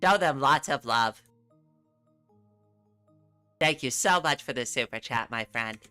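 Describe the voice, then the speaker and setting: A woman's voice: rumbling low, lively intonation, measured pace, pushed and bright, clear, resonant tone, soft background music. A middle-aged woman from New England chatting casually on a livestream from her room, rambling and laughing often. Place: home room.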